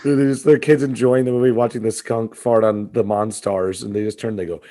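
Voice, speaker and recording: A young man co-hosting a comedy podcast, riffing in an animated, mock-outraged way and laughing often. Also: on the low side, fairly quick. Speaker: podcast co-host. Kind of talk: casual comedic chat.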